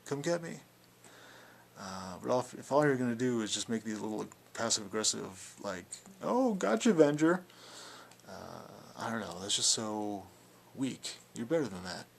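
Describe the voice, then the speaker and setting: A man's voice: fairly low pitch, normal speed, vocal fry, few pauses, fairly bright tone, a little hiss or hum. A young man talking casually in a video blog response, rambling and defiant, with plenty of filler words. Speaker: video blogger.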